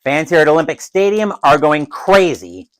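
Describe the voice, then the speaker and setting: A man calls a tabletop baseball game like a broadcast announcer. His voice sits a bit high and swings widely in pitch. He grows loud and excited when a big play comes. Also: normal speed, rough recording. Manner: excited, rises sharply on big plays; adds his own crowd cheers. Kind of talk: solo play-by-play commentary of a dice baseball game.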